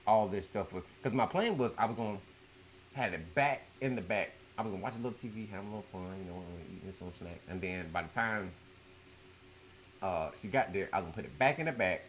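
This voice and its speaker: A middle-aged man telling a story from his own life in a casual, profane way, jumping between loud outbursts and low mutters at home. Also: a little hiss or hum. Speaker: YouTube storyteller.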